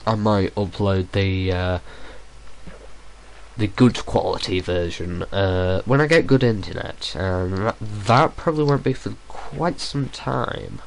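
A man's voice: lowish voice, slow, vocal fry, slight background noise. A young man giving casual, rambling gameplay commentary at home, hesitating often with fillers. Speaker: let's play gamer. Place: room at home.

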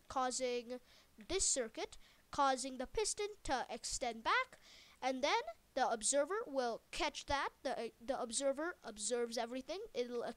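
High-voiced woman rambling through a tutorial. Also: dry recording. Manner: rambling, jokey, many fillers and self-corrections. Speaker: video game tutorial maker. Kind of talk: casual game tutorial narration.

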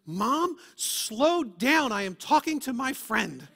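Man putting on a high bright kid voice, earnest little boy, firm and matter-of-fact. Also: sing-song, takes it slowly, heavily acted. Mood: indignant. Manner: matter-of-fact, then insistent. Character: earnest five-year-old boy, a bit indignant.

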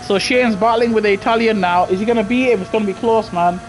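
A man streaming live racing gameplay from a home setup on a gaming headset, chatting to viewers and breaking into loud, frustrated outbursts. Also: high-pitched, quick pace, a little hiss or hum. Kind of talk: live sim-racing commentary.

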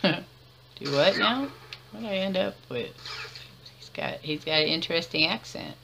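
A woman's voice: fairly low pitch, expressive, a little slow, creaky, noisy background. A woman giving chatty let's-play commentary, laughing often and muttering to herself as she plays. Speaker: gamer.

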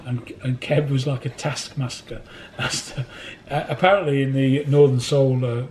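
A man's voice: mid-range voice, fairly even intonation, normal speed, darkish tone, slight background noise. A man being interviewed in a record warehouse, rambling through anecdotes and laughing as he tells them. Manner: rambling, laughs through his stories, acts out other people's voices. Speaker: record collector telling stories.

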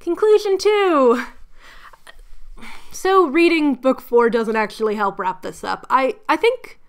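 A woman's voice: fairly high pitch, clear, resonant tone. Sarcastic woman reviewing a book. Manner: sarcastic and exasperated. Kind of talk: casual spoken commentary.

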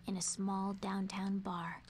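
A woman's voice: mid-range voice, flat delivery, slow pace, darkish tone, breathy edge. A wistful young girl narrator. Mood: hushed. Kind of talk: quiet game narration, often half-whispered.

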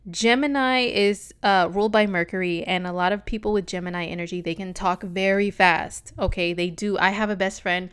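Sassy chatty woman astrologer, smooth voice. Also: mid-range voice, fairly even intonation, normal speed, few pauses, fairly bright tone. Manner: chatty, sassy, slangy, lots of "okay?" asides. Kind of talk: casual astrology reading vlog.

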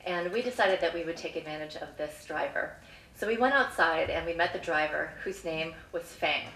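A woman on the school committee telling a travel story at a live story slam, measured and earnest, pausing often with "um". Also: low-pitched, a bit bright. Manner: measured, earnest, frequent "um" pauses. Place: stage in a hall. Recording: echoey hall, mic from far off.

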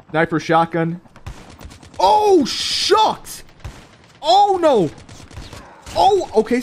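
A young man giving excitable, slangy live commentary on a mobile shooter game to his viewers, breaking into sudden high yelps. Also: a little hiss or hum.

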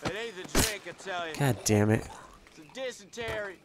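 A man's voice: sits high, sing-song, fairly quick. An actor playing a sick, drunk male outlaw in a video game, groaning and complaining in a drawl. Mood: queasy groaning. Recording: distant game audio with loud noise.

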